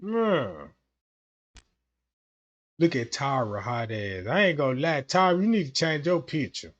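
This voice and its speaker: A young man livestreaming, telling stories in a casual, slangy, animated way. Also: mid-range voice, measured pace, dull audio.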